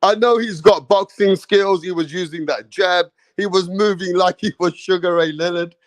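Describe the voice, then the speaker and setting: Slow-talking excitable man. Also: high-pitched, dry recording. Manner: excitable, laughing, slangy. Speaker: boxing commentary vlogger. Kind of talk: casual reaction commentary.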